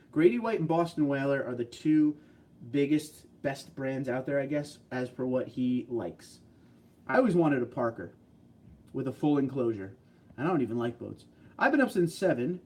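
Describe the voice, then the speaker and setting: A tired man chats easily through a livestream, running on little sleep but staying upbeat. He reads viewer messages aloud, chuckles often and talks in an easygoing way. His pitch sits in the middle of the range. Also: dark tone. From New Jersey, US. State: short on sleep. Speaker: livestream host reading chat. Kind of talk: casual livestream chat.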